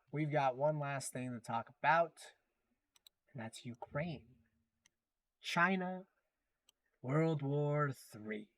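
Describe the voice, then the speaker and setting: A man's voice: on the high side, no echo. A man hosting a livestream, chatting casually as he reacts to clips with amused, rambling asides. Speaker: livestream host.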